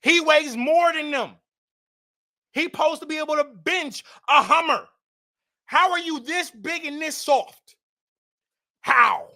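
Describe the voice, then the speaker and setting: A woman giving heated football fan commentary, blunt and mocking, rising to shouts. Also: high voice, slow, pauses often. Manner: repetitive, mocking trash talk.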